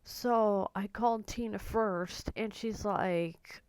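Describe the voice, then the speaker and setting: A woman telling a personal family story in a halting, emotional monologue with many restarts. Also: medium pitch, darkish tone, clear, resonant tone, no echo.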